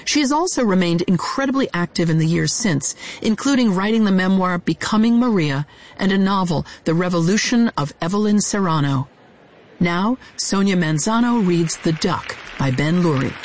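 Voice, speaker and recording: A woman's voice: lowish voice, animated, moderate pace. Woman host introducing a reading. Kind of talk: scripted introduction.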